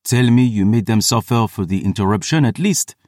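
A man's voice: lowish voice, lively intonation, fairly quick, darkish tone, no room sound, clean studio sound, close to an everyday voice. A man voicing a haughty, exasperated male vampire historian who speaks in theatrical, indignant outbursts.

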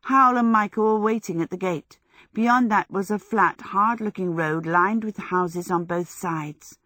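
At medium pitch, a woman reads scripted audiobook narration in an even, measured storytelling style, captured in a dry recording with clean studio sound.

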